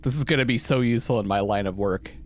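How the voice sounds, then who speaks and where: A man's voice: medium pitch, quick pace, a little hiss or hum. A man hosting a let's play, casually commenting on the game and thinking aloud, often restarting his sentences.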